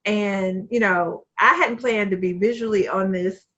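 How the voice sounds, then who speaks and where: A woman's voice: mid-range voice, steady tone, measured pace, bright, forceful tone, muffled recording. A woman co-hosting a podcast, chatting casually about a movie and laughing easily over a video call. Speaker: podcast co-host. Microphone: home computer mic on a video call.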